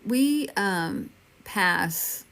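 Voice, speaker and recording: Speaking very slowly, this Texan medium in her fifties has a fairly low, creaky, slightly bright voice with lively intonation. She hosts a relaxed livestream, responding to comments and comforting viewers by name.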